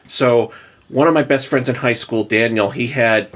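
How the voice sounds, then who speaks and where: A man co-hosts a podcast, telling a story in a casual, animated way and laughing often. His voice sits at medium pitch and moves at a moderate pace.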